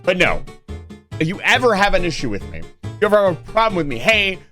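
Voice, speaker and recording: A man's voice: high-pitched, big pitch swings, fast, sharp tone, soft background music. A young man streaming live, talking casually to his chat and swinging between mock-angry joking and earnest reassurance.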